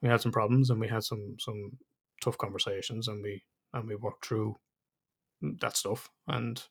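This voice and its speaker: A man's voice: on the low side, flat delivery, moderate pace, husky. A middle-aged man, hosting a podcast in casual chat, candid and reflective, swearing freely. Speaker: podcast host.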